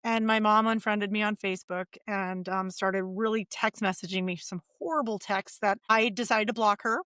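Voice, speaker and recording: A woman in her forties, a podcast guest, telling her life story in a lively, animated way and acting out the voices of people she quotes. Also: mid-range voice, normal speed, no echo, studio quality. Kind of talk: casual storytelling interview.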